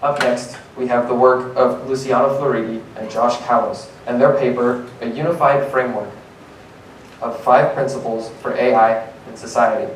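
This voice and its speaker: A young man giving a prepared conference talk, earnest and a bit halting, with fillers between points. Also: mid-range voice, steady tone. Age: young adult. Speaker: conference speaker. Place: conference hall. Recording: roomy, distant mic, faint noise.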